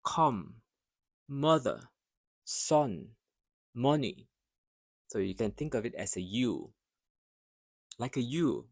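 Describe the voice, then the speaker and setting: A man teaching English pronunciation, carefully modelling words and phrases, then pausing so learners can repeat after him. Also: mid-range voice, dry recording, studio quality. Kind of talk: slow, deliberate pronunciation drill.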